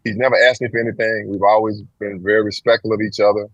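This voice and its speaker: Older guy from texas, low husky voice, spins a story, does all the voices. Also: quick pace, no room sound, dull audio. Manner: animated storyteller, acts out quoted voices with big pitch jumps. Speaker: interview guest. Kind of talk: storytelling in casual interview.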